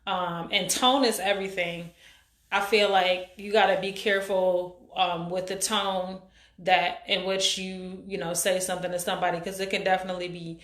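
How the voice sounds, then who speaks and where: This live-stream show host, a woman of about forty, has a low-ish voice with a flat delivery and a fairly bright tone. Recorded in an echoey room, she rambles casually while greeting viewers and reading comments, halting often and using lots of fillers.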